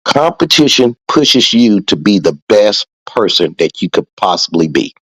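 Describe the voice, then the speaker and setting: A man's voice: lowish voice, very animated, a little slow, a bit bright, husky, no room sound, rough recording. Profane, emphatic male podcast host. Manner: profane, preachy, emphatic with repetition. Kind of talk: casual motivational podcast talk.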